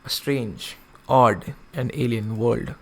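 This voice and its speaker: A man streams himself reading a visual novel aloud, speaking slowly in a medium-pitched voice. He breaks off for casual asides and corrects himself as he goes.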